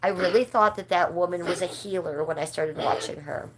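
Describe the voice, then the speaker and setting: A woman's voice: on the low side, fairly quick, a little hiss or hum. Middle-aged woman, livestream host, casual gossipy chat, frequent laughter, loose rambling delivery. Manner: chatty, gossipy, laughs often.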